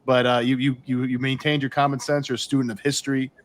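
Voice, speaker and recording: A man co-hosting a podcast in casual conversation, with a middle-pitched voice. He talks in a chummy, offhand way and often tosses in "man.". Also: little pitch movement, quick pace. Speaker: podcast co-host. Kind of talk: casual chat.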